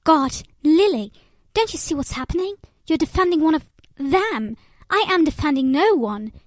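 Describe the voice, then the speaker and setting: A woman's voice: sits high, a little fast, no echo, natural voice. A woman voicing an angry young male stableman who growls and mocks, in a read-aloud novel. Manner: bitter, growling, mocking.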